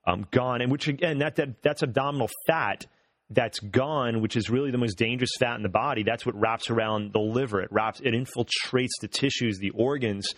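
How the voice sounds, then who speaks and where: A man's voice: mid-range voice, fairly quick, fairly bright tone, no echo, studio quality. A man hosting a casual health interview, upbeat and encouraging, repeating words as he talks. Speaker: host.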